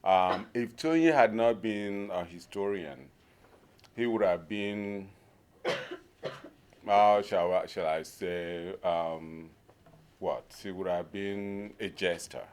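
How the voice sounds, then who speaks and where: Slow, halting low-voiced man speaking at a conference. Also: smooth. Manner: halting, searching for words, warmly humorous. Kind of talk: informal conference speech.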